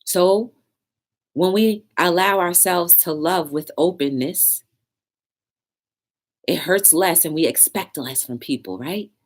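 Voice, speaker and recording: A woman's voice: on the low side, slow pace, pauses often. A woman hosting her own live talk show, chatting casually and preaching about communication while answering comments from the chat.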